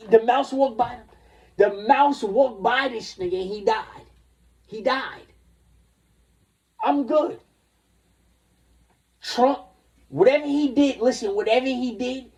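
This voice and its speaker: A man's voice: sits high, dark tone, distant mic. A man in his forties ranting in a rambling, profane way on a livestream, jumping between topics. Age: 40s.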